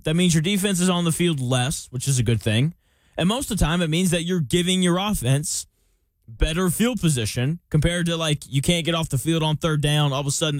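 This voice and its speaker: Chatty and joking, this sports podcast host reads listener questions and picks apart a football roster with playful analogies. He sounds a bit high-pitched for a man. The recording is dry and close to the mic, with no surrounding room.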